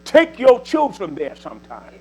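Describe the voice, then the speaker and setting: A man in his seventies with a drawl preaches to his congregation in a high, animated voice that swoops up and down. He talks in a folksy, repeating way, leaning on little asides to drive each point home. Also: moderate pace, breathy edge, low-quality recording. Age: 70s. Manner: folksy, repetitive, exhorting with 'see' and 'you know'. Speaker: church speaker. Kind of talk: preaching exhortation.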